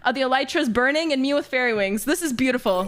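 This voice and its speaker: A woman in her twenties chats on a livestream with a high, bright voice. She reads fan messages aloud in a bubbly way and keeps breaking into giggles. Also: lively intonation, fast, faint music behind. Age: 20s. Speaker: streamer.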